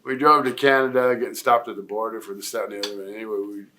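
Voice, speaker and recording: A man's voice: lowish voice, flat delivery, rapid-fire, bright, forceful tone, a little hiss or hum. An older man from Nebraska telling long stories in a career interview, rambling with many fillers and restarts. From Nebraska, USA. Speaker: retired pro wrestler, guest.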